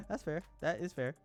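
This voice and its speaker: A man streaming live, chatting casually with his viewers, laughing often and breaking into loud outbursts. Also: sits high. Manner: addresses chat as y'all, slangy.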